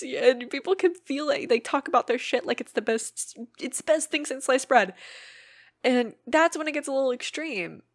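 A woman's voice: high voice, lively intonation, a little slow, dry recording, studio quality. A woman hosting her own podcast, talking earnestly and emotionally in a personal monologue and swearing freely. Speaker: podcast host.

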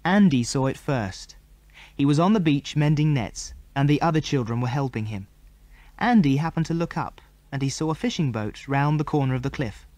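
A man narrating a children's adventure audiobook in a measured storytelling manner. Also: fairly high pitch, lively intonation, a little mellow, no room sound. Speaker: audiobook reader.

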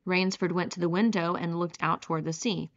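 A woman reads an audiobook in a measured, steady storytelling voice. Her pitch sits on the low side. The recording is muffled and lo-fi. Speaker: audiobook reader. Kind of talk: audiobook narration.

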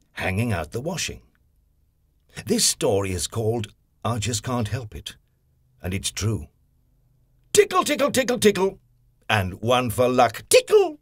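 An actor playing a cheeky, playful tickling character, telling a children's audio story in first person with a slightly husky voice and gleeful high squeals on each tickle. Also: male voice, no room sound, studio quality, exaggerated voice.

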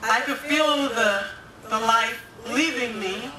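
A woman's voice: a little high, slow, sharp tone. A woman giving a personal testimony as a guest speaker, telling her story and acting out the voices of people she quotes. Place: domestic violence awareness walk event. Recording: echoey, distant, crowd noise behind.

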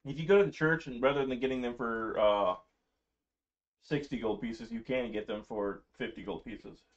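A man's voice: medium pitch, normal speed. A man running a tabletop game as dungeon master, casual and rambling with lots of fillers. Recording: dull lo-fi recording.

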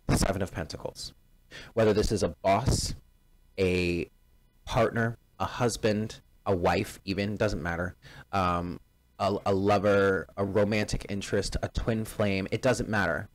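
A man with a low voice and fairly even intonation gives a casual tarot reading, speaking directly to his viewers at an unhurried pace. He is emphatic and keeps repeating phrases, and the recording is rough.

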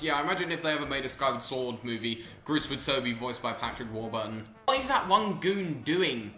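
A man's voice: mid-range voice, expressive, fairly quick, hardly any pauses, sharp tone, echoey room, faint music behind. A man giving comic, self-deprecating commentary over a video game, often stumbling over his words. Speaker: gaming YouTuber.

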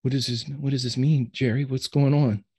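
A man voicing a confused, tearful teenage boy in a tabletop game, pleading and halting, repeating himself. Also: lowish voice, darkish tone, breathy edge. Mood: upset.

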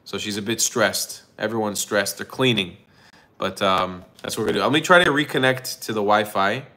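A man hosting a casual livestream, talking loosely and loudly, hyping his chat and joking with swearing. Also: on the low side, fairly quick, poor audio. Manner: loud, joking hype-man delivery with swearing. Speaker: livestream host. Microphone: phone hotspot livestream.

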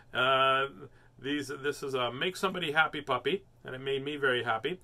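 Brisk and forceful, this older man's medium-pitched voice has a bright ring. He reads picture books aloud on a live stream, chatting playfully with his viewers and finding things easily funny.

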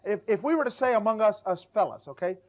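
A man's voice: high voice, animated, fast talker. A middle-aged male preacher giving a folksy, humorous church sermon, stumbling over repeated words and acting out quoted voices. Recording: dull lo-fi church recording.

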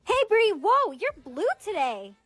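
A woman acting out a POV skit, playing schoolgirls and narrating in an expressive, chatty way. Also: very high voice, a little slow. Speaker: storyteller playing multiple roles. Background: faint music.

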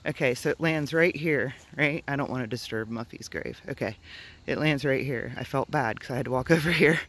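An excitable homestead vlogger films outdoors on a handheld phone and chats straight to viewers. The delivery is flustered and jittery, with frequent laughs and many asides to "you guys." The voice sits at a middling pitch. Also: fairly quick. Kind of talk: casual vlog narration to camera. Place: outdoors in a backyard with a quail coop.

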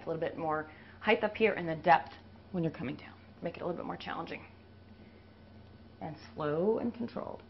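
A woman fitness instructor talking casually through a push-up demonstration, out of breath as she works. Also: low-pitched. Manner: talks while doing push-ups. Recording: dull lo-fi video audio with faint hiss.

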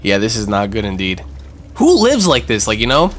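A man hosting a gaming channel, giving excitable let's-play commentary with swearing and jumpy reactions. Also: lowish voice, normal speed.

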